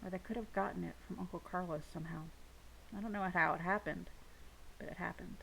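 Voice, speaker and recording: A woman reading a novel aloud with steady first-person narration. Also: lowish voice, fairly quick, gravelly, a little hiss or hum, rough recording. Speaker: audiobook reader.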